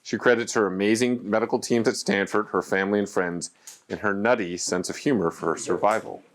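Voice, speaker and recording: A man's voice: on the low side, fairly even intonation, fairly quick. A man as master of ceremonies formally introducing the next speaker.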